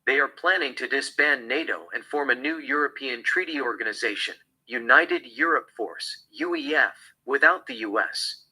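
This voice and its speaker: A blunt female official talks politics, voiced by a man reading a script. The voice is bright and husky with a flat delivery. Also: medium pitch, normal speed, hardly any pauses, poor audio.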